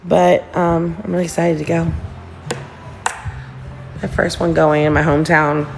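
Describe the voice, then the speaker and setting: A woman's voice: low voice, little pitch movement, measured pace, creaky, background noise. A woman hosting a casual livestream, chatting and gossiping with viewers in a giggly, rambling way, talking into her phone. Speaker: livestream host.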